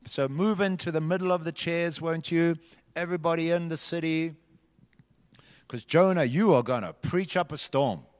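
The long echo of a large hall surrounds a man running a children's church session, where he dramatizes a Bible story and has the kids act it out. His smooth voice sits on the high side and moves at normal speed.

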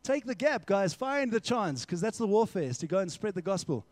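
A young male preacher with a fairly high voice gives an energetic, conversational sermon, addressing the room directly as "guys." The sound is dry and close. He now and then breaks into short acted-out exchanges to make his point. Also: a little fast, no echo. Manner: energetic, conversational, acts out little dialogues. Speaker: youth pastor.

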